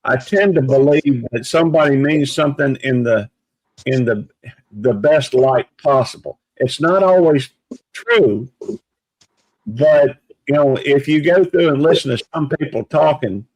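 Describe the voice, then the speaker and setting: A man talking in a casual live chat, measured and reflective, with many pauses and restarts. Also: mid-range voice, a little mellow, no room sound, poor audio.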